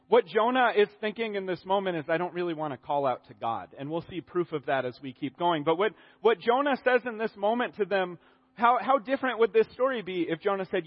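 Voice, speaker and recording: High-voiced male preacher in a hall. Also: fairly quick. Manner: animated, acts out quotes, restarts often. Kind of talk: sermon. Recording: dull audio in a reverberant hall.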